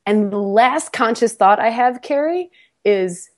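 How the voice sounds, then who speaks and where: A woman with a fairly high voice, speaking unhurriedly, appears as a podcast guest and tells a personal story in a casual interview. Animated and self-mocking, she laughs often and repeats words whenever she restarts a sentence.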